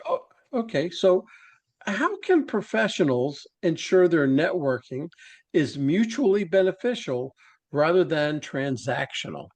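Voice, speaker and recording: A male podcast host with a fairly high voice, talking casually. He explains his points in quick, chatty bursts. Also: big pitch swings.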